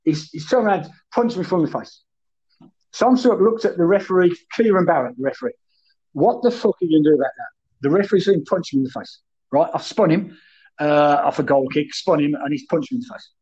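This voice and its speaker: Husky sweary man telling stories. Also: on the high side, lively intonation, fairly quick, a little mellow, muffled recording. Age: 30s then, now older. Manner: boisterous, sweary anecdotes, keeps addressing the host by name. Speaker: guest, former footballer. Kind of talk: casual storytelling chat.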